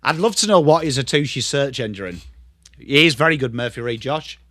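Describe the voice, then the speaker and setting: A young English man hosting a live football watchalong, swinging between excited play-by-play calls and casual, swearing banter with his chat. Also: mid-range voice, fairly quick, dry recording. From England. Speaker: livestream host.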